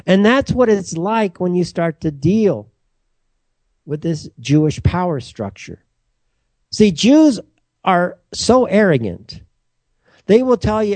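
American man, ranting solo monologue, lively pitch swings, mellow tone, emphatic and repetitive. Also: slow pace, long pauses, no room sound. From United States. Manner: emphatic and repetitive, heated storytelling.

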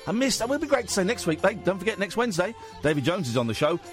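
A man's voice: sits high, very fast. A man hosting a late-night phone-in radio show, joking and laughing easily. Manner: animated, jokey, laughs a lot. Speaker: radio host. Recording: radio studio with music bed.

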